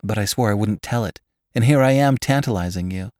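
A man voicing a cool, offhand young woman who speaks in a hushed way. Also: on the low side, a little fast, no room sound, clean studio sound, close to an everyday voice.

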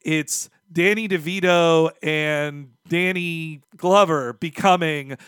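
A man's voice: fairly high pitch, takes it slowly, a bit bright, clear, resonant tone, no room sound, studio quality. A man hosting a podcast, chatting casually and wryly, with lots of fillers and restarts. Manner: rambling, filler-heavy, wry. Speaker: podcast host.

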